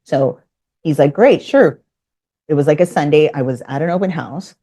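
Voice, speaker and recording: A woman's voice: sits low, a little fast, dark tone, breathy edge. A woman guest telling a business story in casual conversation, acting out both sides of the dialogue. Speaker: podcast guest.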